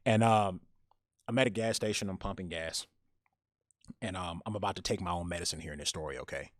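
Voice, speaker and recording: A man telling a personal story on a podcast, animated and often repeating words as he goes. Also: deep voice, brisk, dry recording, studio quality.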